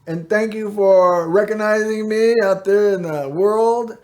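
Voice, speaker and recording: A middle-aged man hosts his own local TV show and talks straight to the camera. His voice sits high and he takes his time. He drifts from one story to the next, padding his talk with "you know" and "anyway.". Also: a little slow, darkish tone. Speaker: host of a local access TV show. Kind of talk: rambling personal monologue to camera.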